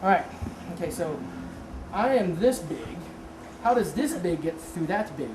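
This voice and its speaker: A woman with a lowish voice speaks a little slowly while teaching a martial arts seminar. She's casual, quizzes the class, and corrects herself, and the recording carries a roomy echo with steady background noise.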